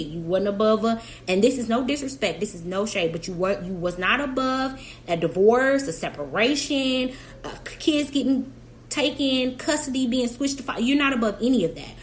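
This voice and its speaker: A woman's voice: fairly high pitch, a little hiss or hum. Chatty woman reacting for her viewers. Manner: chatty, emphatic, talks directly to the absent subject. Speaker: reaction channel host. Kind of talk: casual commentary to viewers.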